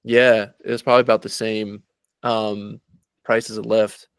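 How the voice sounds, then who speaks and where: A man in casual podcast chat, talking in a relaxed, halting way with many filler words. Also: on the low side, clear, resonant tone, no room sound. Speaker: podcast co-host.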